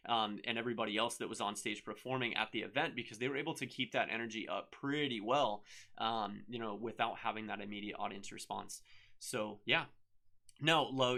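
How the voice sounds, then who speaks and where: A middle-aged man hosting a casual live stream, talking in a loose, rambling way full of ums and asides. His voice has a gravelly edge but stays bright and forward. He keeps an upbeat, chatty flow as he answers comments. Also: on the low side. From United States. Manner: rambling, upbeat, many fillers. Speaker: show host and author.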